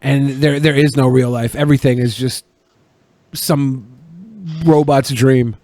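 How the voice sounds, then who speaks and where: A man co-hosting a podcast, talking in crude, excitable banter and laughing often. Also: mid-range voice, measured pace, no room sound. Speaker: podcast co-host. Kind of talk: casual banter.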